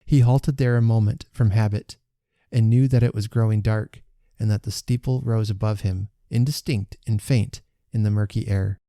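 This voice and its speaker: A man who hosts a podcast, reading a classic story aloud in a calm, measured way. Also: on the low side, no room sound, studio quality. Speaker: podcast host reading a book. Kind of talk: audiobook-style narration.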